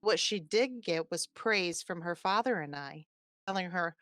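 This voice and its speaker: A woman in her forties, a podcast host, telling a personal story in an animated, chatty way. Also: fairly low pitch, unhurried, dry recording, studio quality. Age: 40s. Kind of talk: casual storytelling chat.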